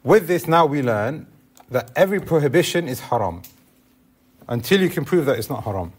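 A man's voice: mid-range voice, big pitch swings, normal speed, husky. A man teaching a classroom lesson on Islamic law, explaining step by step and asking the class questions.

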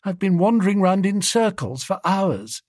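A man voicing a vague, muddled young gentleman who talks in a flustered, stammering way. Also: sits high, very animated, moderate pace, dry recording, clean studio sound, voice pushed up.

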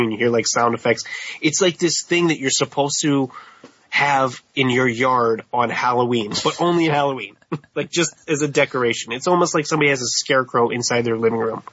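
A man co-hosting a podcast, telling stories in a lively way and slipping into put-on voices. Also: mid-range voice, fairly quick, breathy edge, dull audio. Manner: animated storytelling, mimics voices with laughs. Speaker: podcast co-host. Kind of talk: casual podcast chat.

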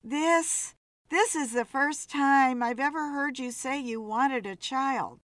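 A woman voicing a suspicious young woman who teases her partner, in a higher, brighter tone. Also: takes it slowly, no room sound, clean studio sound.

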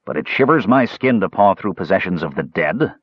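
A man voicing a big, blunt male warrior who talks gruffly, heavily and tersely. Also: low-pitched, animated, a little fast, no echo, highs cut off. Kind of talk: audiobook character voice.

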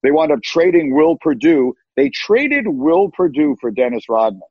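A man's voice: fairly high pitch, animated, normal speed, breathy edge, no room sound. A man telling sports stories as a podcast guest, emphatic and given to repeating words as he starts sentences. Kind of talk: animated storytelling. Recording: dull lo-fi, dry.

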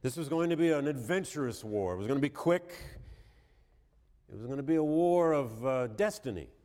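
History lecturer with a cold, wry and conversational, medium voice, echoing hall. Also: male voice, mid-range voice, expressive, normal speed, a little mellow. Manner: wry, conversational, reads quotes with emphasis. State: has a cold. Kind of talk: university lecture.

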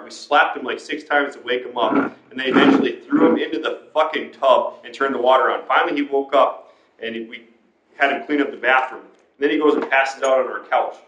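A man's voice: mid-range voice, steady tone, fairly quick, a bit bright. Man, casual podcast host, cursing storyteller, echoey room, dull lo-fi sound. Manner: profane, rambling storyteller. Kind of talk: casual chat.

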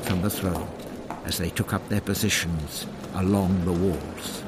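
A man narrating a novel aloud as an audiobook, in a measured, even storytelling manner. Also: deep voice, noisy background. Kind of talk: scripted narration.

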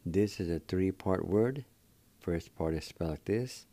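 A middle-aged man with a low, mellow voice teaches words on the radio. He goes slowly and deliberately, spelling and pronouncing each one and patiently repeating it.

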